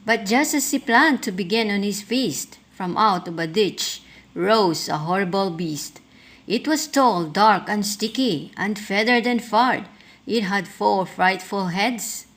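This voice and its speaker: A woman reading a rhyming picture book aloud, rhythmic and expressive. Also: mid-range voice, slow. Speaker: storyteller.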